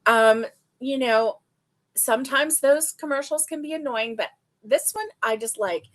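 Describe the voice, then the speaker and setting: Slow, chatty woman livestream host. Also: high-pitched. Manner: chatty, reads aloud and reacts with delight. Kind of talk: casual livestream chat.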